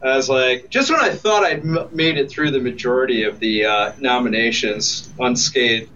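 A man's voice: mid-range voice, normal speed, sharp tone, recorded from a distance, highs cut off. A man in a band, chiming in with joking asides in a casual interview.

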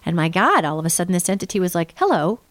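A woman's voice: lowish voice, racing, a bit bright, no echo. A woman hosting a live call-in radio show as a psychic, talking in a chatty, rambling way and calling her listeners "you guys" from a studio microphone.

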